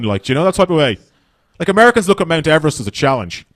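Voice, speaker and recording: Dublin man, rapid-fire stand-up delivery, swears freely, dry close-miked sound. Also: a little high, big pitch swings, no echo. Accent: Dublin Irish. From Dublin, Ireland. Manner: profane, blunt, rapid-fire. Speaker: stand-up comedian. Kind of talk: stand-up comedy set. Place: comedy stage.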